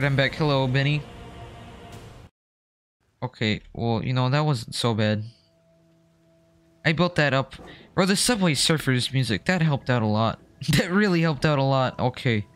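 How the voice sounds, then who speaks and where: A man's voice: medium pitch, animated, unhurried, long pauses, fairly bright tone, faint music behind. A young man streaming a horror game live, chatting and joking as he gets startled. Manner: chatty, jokey, easily startled. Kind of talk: live gameplay commentary.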